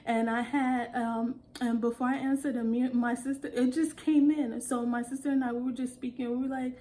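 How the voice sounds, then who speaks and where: A woman telling casual storytime anecdotes in an animated way, often laughing and acting out what people said. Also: sits high, moderate pace. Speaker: vlogger.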